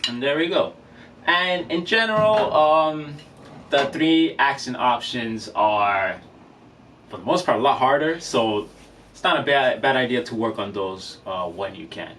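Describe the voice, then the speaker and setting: Speaking expressively and at a measured pace, this man has a mid-range, fairly bright voice. He teaches drum rudiments in a casual vlog, counting beats between exercises, recorded on a distant camera mic with faint room noise.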